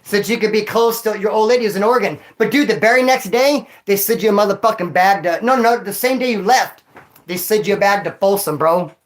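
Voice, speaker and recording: A man's voice: high-pitched, a little fast. A man who was in prison chats casually on a livestream, telling stories in slang and talking straight to a viewer. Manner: slangy, storytelling, addresses a viewer directly. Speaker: former prisoner streamer reading chat. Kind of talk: casual livestream chat and storytelling.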